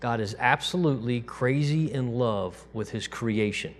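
A man preaching in a loose, conversational way, his voice sitting at an ordinary middle pitch. When he quotes God he goes hushed and gentle, then comes back up to his normal speaking level. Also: measured pace, slight background noise. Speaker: pastor. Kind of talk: sermon.

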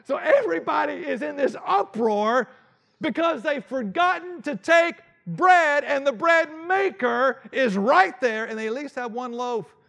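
Animated high-voiced male preacher. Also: measured pace, gravelly. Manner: animated, dramatic, acts out Bible scenes. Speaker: pastor. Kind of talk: sermon.

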